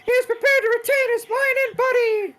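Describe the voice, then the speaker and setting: A woman with a strikingly high voice reads a game's story recap aloud. Her delivery is theatrical and expressive, leaning into every dramatic beat. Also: a little fast.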